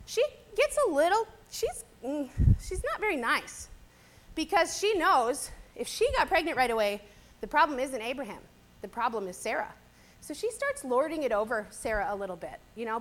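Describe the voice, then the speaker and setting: A woman with a notably high voice gives a casual Bible teaching talk. She speaks conversationally, tossing in "kinda" and "right?" as she retells the story. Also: fairly bright tone. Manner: chatty, conversational, often adds "right?" and "kinda".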